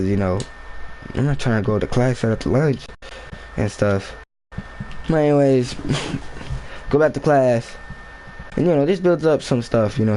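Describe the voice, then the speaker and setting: A man's voice: mid-range voice, mellow, a little hiss or hum, low-quality recording. A man telling a school story in a rambling, slangy, casual storytime vlog. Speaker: vlogger.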